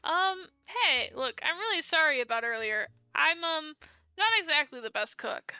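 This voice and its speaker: A bashful young barista in a dating sim game, as a woman reads him aloud, apologetic and eager to please. His voice sits high and very bright, with a dry, close sound. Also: lively intonation, moderate pace, no echo, soft background music, exaggerated voice. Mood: friendly. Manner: shy, apologetic. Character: nervous young male barista.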